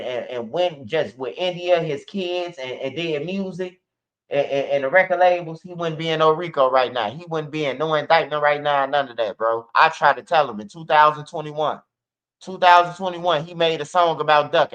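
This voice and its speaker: With a slightly high, somewhat bright voice and a moderate pace, this man from Chicago rants on a livestream. He rambles, swears, keeps repeating "bro" and "man," and laughs often. The stream audio is lo-fi and muffled.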